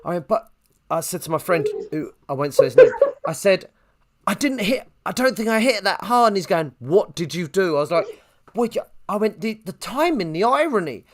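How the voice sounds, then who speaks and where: A podcast co-host tells a rambling story with a lively, swooping delivery. His pitch sits a little high and leaps even higher when he quotes people. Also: moderate pace. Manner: animated storyteller, jumps pitch for quoted voices. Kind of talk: casual anecdote telling.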